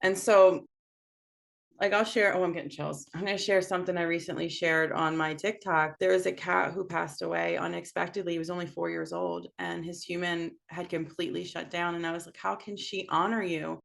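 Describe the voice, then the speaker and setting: Woman, 30s, pet medium guest, low voice, gravelly, chatty. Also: level tone, a little fast. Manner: chatty, says "like" a lot. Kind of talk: conversational interview.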